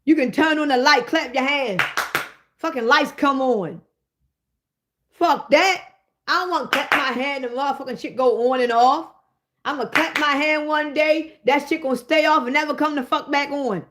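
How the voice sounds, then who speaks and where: High-voiced woman on a profane rant. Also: normal speed, background noise. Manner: profane, animated, addressing listeners directly. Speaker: host. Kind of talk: comedic rant.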